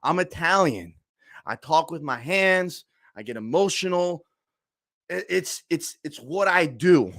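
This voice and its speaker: Young male fan streamer, twenties, bright tense voice, emotional swings, casual rant. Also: on the high side, expressive, a little slow. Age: 20s. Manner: emotional, swings from shouting to hushed murmurs.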